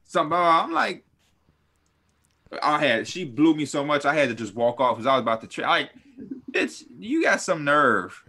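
Young male podcast co-host, bright tone, lively profane storyteller. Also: fairly quick, pauses often. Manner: animated, profane, swings high when quoting people. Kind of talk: casual storytelling chat.

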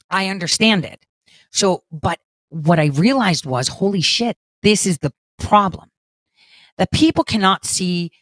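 A middle-aged woman hosts her own commentary show, talking straight to camera. Her voice sits mid-pitched, recorded dry and close with no room around it. She is blunt and profane and leans hard on emphasis, tagging her points with "right?". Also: a bit bright, no room sound. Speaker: political commentary show host. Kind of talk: casual monologue to viewers.

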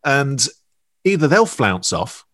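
A man's voice: mid-range voice, sing-song, slow, fairly bright tone, dry recording, studio quality. A man telling stories in a rambling, playful podcast chat. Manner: rambling, chatty storyteller with fillers and playful asides. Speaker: podcast guest. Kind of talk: casual conversation.

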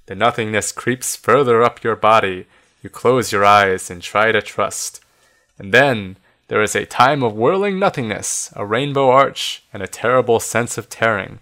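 A man reading a children's adventure book aloud, animated and doing voices for each figure. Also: fairly low pitch, normal speed. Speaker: reader of a gamebook.

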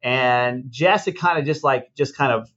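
A man's voice: mid-range voice, a little slow, a bit bright. Male radio host on a dull recording. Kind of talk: casual storytelling chat.

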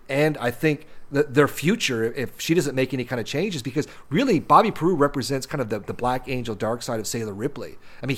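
A man co-hosting a casual film discussion, talking in long rambling runs with many restarts and repeated words. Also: mid-range voice. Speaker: podcast co-host discussing films.

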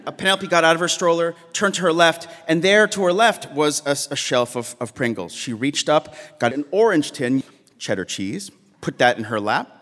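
Man storyteller with a slightly high voice, halting, repeats himself, in a long-reverb live hall. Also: expressive, a bit bright. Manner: halting, repeats words, laughs while telling.

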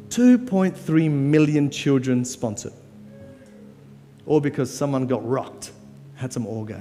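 A man delivering a guest sermon in a church, casual and emphatic, often pushing his voice high on key words. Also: warm tone. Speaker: guest preacher. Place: church hall. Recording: long church-hall reverb, faint music.

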